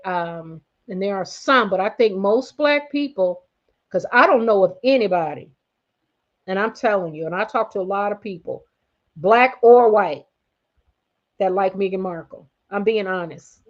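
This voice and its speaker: A woman hosting a casual commentary livestream, excitable and blunt, talking directly to her viewers. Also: mid-range voice, highs cut off. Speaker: host.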